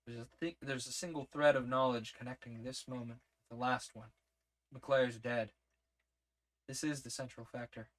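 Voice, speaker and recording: A man with a mid-pitched voice reads a first-person story aloud. His delivery is measured and steady, letting each scene unfold one clause at a time. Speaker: audiobook narrator.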